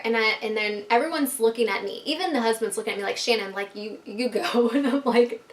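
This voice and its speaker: Animated woman vlogger telling a story. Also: fairly high pitch, a little fast, few pauses. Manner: animated, fillers and swearing, addresses viewers directly. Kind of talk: casual storytime.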